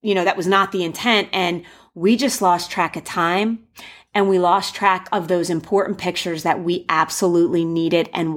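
Chatty young woman telling a story. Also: lowish voice. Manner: animated, acts out quoted voices with gasps. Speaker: bride sharing wedding advice. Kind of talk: casual storytelling.

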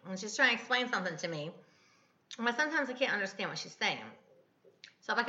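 A woman's voice: on the high side, sing-song, fast talker, sharp tone, reverberant, highs cut off. A woman in her fifties, a podcast host rambling and correcting herself in a casual devotional talk. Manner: chatty, rambling, self-correcting.

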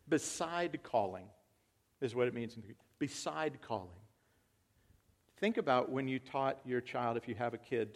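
A man preaching a sermon, moving from quiet, reflective talk to loud, excited calls to the congregation. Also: mid-range voice. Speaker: pastor.

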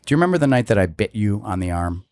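A man co-hosting a podcast, telling stories in an animated, rambling way. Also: on the low side, racing, dry recording. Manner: animated storyteller with restarts. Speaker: podcast co-host. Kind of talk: casual chat.

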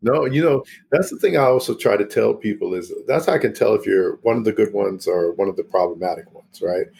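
A man's voice: fairly low pitch, brisk, gravelly, a little mellow, slight background noise. A middle-aged man hosting a podcast, talking casually and emphatically, often checking in with the listener. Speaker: podcast host, sociologist. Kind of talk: casual conversation.

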